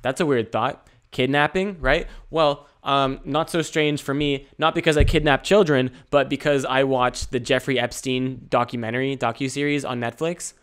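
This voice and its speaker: A man's voice: mid-range voice, steady tone, moderate pace, hardly any pauses, a bit bright, smooth. Solo podcast host, male, rambling, jokey and laid-back, mid-range voice. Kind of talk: casual solo podcast monologue.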